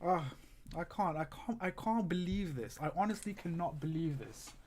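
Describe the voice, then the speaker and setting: A man hosting a live football watchalong stream groans and rants at the match in exasperation, speaking directly to his chat viewers. His voice is fairly high and darkish, with lively intonation and a moderate pace, and faint music plays behind him.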